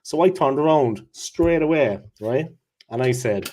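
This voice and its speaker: A man, co-hosting a casual football chat and telling lively stories, often checking in with "yeah?". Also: medium pitch, measured pace, slight background noise. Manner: animated anecdote teller, checks in with "yeah?". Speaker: co-host.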